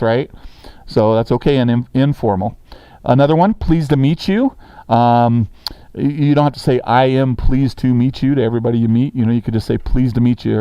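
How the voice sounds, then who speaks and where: A man's voice: medium pitch, dark tone, no echo. A man teaching a sixth grade grammar lesson in a classroom, talking casually and checking in with the students often.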